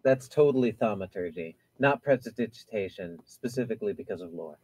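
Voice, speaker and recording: Lowish-voiced man, teasing and chatty. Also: animated, fairly quick, darkish tone, a little hiss or hum, poor audio. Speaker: tabletop game player. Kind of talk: casual chat during a tabletop game.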